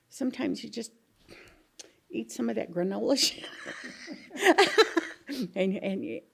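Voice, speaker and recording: An older woman, a retired coal miner, telling earthy stories in an oral history interview, swearing freely and laughing often. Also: medium pitch. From Colorado. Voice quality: gravelly, husky.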